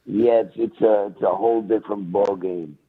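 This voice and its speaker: A man's voice: on the low side, fairly even intonation, moderate pace. A man, a retired boxer, talking bluntly as a guest in a casual interview and laughing as he talks. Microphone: phone call. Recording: tinny phone line.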